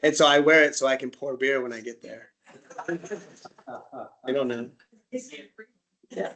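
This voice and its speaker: A man from the United States, with a voice of ordinary middle pitch, gives a relaxed slide-show talk to a group. He tells his stories in a chatty way and acts out little back-and-forth exchanges as he goes. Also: slow. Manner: chatty storyteller who acts out little dialogues. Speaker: presenter at an interest group talk.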